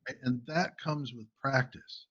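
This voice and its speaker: A man talks in an emphatic, coaching way, often stopping to check in with his listeners. His voice is bright and forceful, and it sits at a middle pitch. The audio sounds dull and lo-fi. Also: a little slow. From United States. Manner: emphatic, keeps checking in with "right?". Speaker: host and communication coach. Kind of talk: casual coaching talk.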